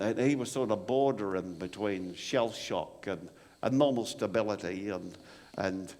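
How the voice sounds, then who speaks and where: A man performs an old Australian bushman spinning a long war yarn, his voice sitting low and carrying the long reverb of a performance hall. He rambles and stammers, doubling up on his "and, and" as the memories tumble out in a storytelling monologue. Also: darkish tone. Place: live performance venue.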